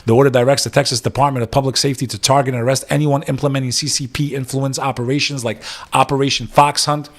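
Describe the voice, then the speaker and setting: A man's voice: medium pitch, level tone, quick pace. A man, hosting a news reaction podcast, reading headlines aloud and breaking into profane, sarcastic rants.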